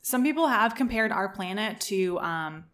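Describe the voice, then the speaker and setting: A woman's voice: mid-range voice, lively intonation, normal speed, a bit bright. Young adult woman, podcast co-host, casual chatty storyteller with a joking tone. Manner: chatty, jokey, swears casually.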